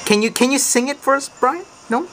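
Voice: sits high, expressive, fairly bright tone, faint music behind. A host racing friends online, losing his voice, laughing and crying out in dismay. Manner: drawn-out, laughing, cries out in dismay. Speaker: channel host and player. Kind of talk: gaming commentary.

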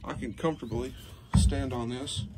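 A man's voice: medium pitch, normal speed, very noisy. A man giving a casual, rambling review of his truck hitch outdoors, with lots of ums and y'all. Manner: relaxed, rambling, many "um"s and "y'all".

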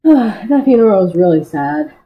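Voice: mid-range voice, very animated, normal speed, roomy sound, highs cut off. A young creator voicing a homemade cartoon, talking in a rambling, hesitant way with many fillers. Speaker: creator voicing all characters. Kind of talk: amateur cartoon voice-over.

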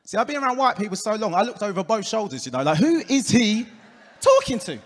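A man with an Essex accent doing a stand-up comedy set, delivering deadpan punchlines and working the crowd. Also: sits high, fast. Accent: Essex English. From England. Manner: deadpan punchlines, crowd work, puts on voices for quoted people. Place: comedy club stage before a live audience. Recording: live club room with long reverb.

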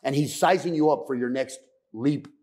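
A man from California, a podcast guest, telling his story candidly in a soft-spoken, profane, reflective way. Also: medium pitch, moderate pace, slightly rough. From San Fernando Valley, California.

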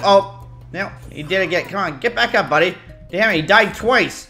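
A man's voice: sits high, lively intonation, normal speed, bright, forceful tone, soft background music. A young man giving casual, goofy gameplay commentary as a YouTuber, laughing often between his remarks. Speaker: gaming YouTuber.

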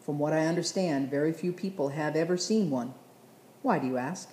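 A fond old grandfather teases gently, voiced by a woman reading aloud. The voice sits low and mellow. The recording has a roomy echo. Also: moderate pace, a little hiss or hum, natural voice. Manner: gently teasing, chuckling.

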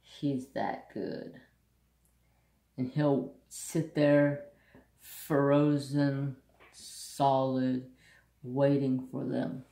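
A man's voice: medium pitch, steady tone, extremely slow, gravelly, long pauses, dark tone, echoey room. A man hosting a craft channel, telling a country story bluntly and saltily in casual chat. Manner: blunt, salty rural storyteller.

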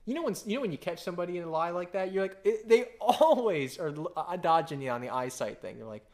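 High-pitched yet darkish in tone, this pastor in his thirties talks quickly and with lots of animation. His sermon is casual and story-based, dotted with frequent "right?" asides.

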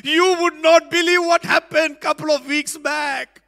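Excited chattering mother, as a pastor puts her on, high shouty voice, bright tone, long church reverb. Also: unhurried, vocal fry, exaggerated voice.

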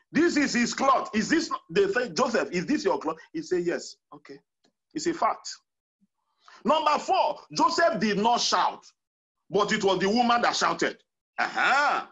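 A man's voice: high voice, fairly bright tone. A man preaching a sermon as pastor, emphatic and counting off numbered points.

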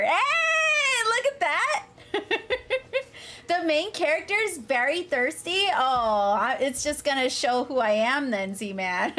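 A high-pitched woman streamer whose voice swoops up and down as she chats with her live audience. She takes her time, answering viewers between frequent bursts of laughter. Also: bright, forceful tone. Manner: giggly, frequent laughter, chatty asides to chat. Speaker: streamer reading chat. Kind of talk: casual live-stream chat.

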